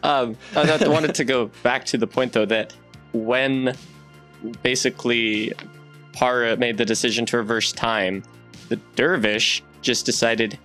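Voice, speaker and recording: A man player calmly recapping what happened in the session. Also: mid-range voice, a little slow, soft background music. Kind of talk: casual aftershow chat.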